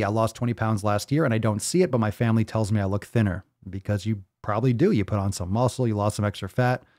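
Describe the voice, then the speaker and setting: A man's voice: fairly low pitch, a little mellow, no echo, studio quality. A man hosting a fitness live stream, reading viewer posts aloud and reacting with blunt, profane emphasis, repeating his points to drive them home. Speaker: fitness podcast host.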